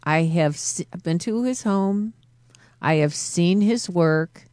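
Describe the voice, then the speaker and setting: A woman's voice: fairly low pitch, slow, darkish tone, no echo, clean studio sound. A woman hosting a talk show, encouraging her guest with eager follow-up questions. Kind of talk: casual interview chat.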